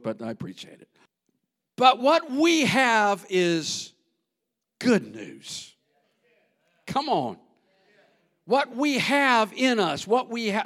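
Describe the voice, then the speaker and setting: A male pastor preaching a sermon in church, moving between soft, drawn-out asides and loud, shouted bursts. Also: high voice.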